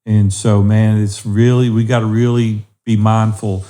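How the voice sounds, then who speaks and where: A man's voice: lowish voice, little pitch movement, unhurried, mellow. A middle-aged man co-hosting a faith-based podcast, earnestly encouraging listeners. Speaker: podcast co-host.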